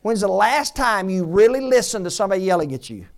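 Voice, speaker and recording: A male pastor delivers a sermon, his pitch rising and falling freely as he speaks. He leans on rhetorical questions and moves between loud, pressing appeals and soft, confiding asides. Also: animated, fast, gravelly.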